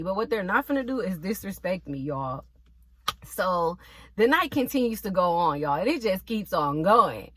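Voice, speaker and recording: A nursing assistant with a slightly high, bright, forceful voice tells a storytime vlog about her job. She's blunt and sassy, swears freely, and talks straight to her viewers, in a dry recording.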